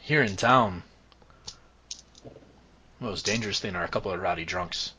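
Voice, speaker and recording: A man putting on a gruff dwarf blacksmith. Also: deep voice, moderate pace, pushed and bright, slight background noise. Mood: amused. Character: gruff old male dwarf forge master, proud and stern.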